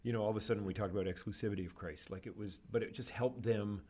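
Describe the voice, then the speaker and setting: A man's voice: fairly low pitch, steady tone, rapid-fire, a little mellow. A man hosting a conversation, speaking reflectively and often affirming with short interjections. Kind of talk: casual conversation.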